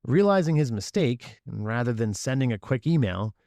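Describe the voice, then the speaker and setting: A man hosts a podcast in a relaxed, reflective way. He pauses often, fills the gaps with "um" and "you know," and restarts his sentences. His voice sits at an ordinary middle pitch and is recorded close and dry, with no room sound. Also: gravelly, dry recording. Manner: reflective, unhurried, with many fillers and restarts. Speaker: podcast host. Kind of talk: casual podcast monologue.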